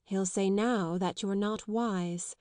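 A composed, kind but weary young lady, read by a woman speaks in an audiobook. Her words come calm, gentle and measured, in a mid-range voice recorded dry and close. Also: medium pitch, dry recording, lightly acted. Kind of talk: audiobook character reading.

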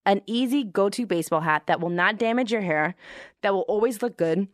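A young woman telling the story of founding her brand in a chatty, expressive way. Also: medium pitch, fairly quick, no room sound, clean studio sound. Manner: chatty and expressive, with animated quoted reactions. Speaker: founder of a hair-friendly hat brand. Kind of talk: casual storytelling to camera.

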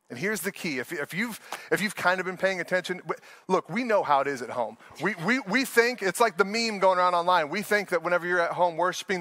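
Guy pastor preaching, kinda high voice, talks casual and earnest, laughs a lot, dry close sound. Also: bright, forceful tone, no room sound. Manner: earnest, conversational preaching with frequent laughs and restarts. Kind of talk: sermon.

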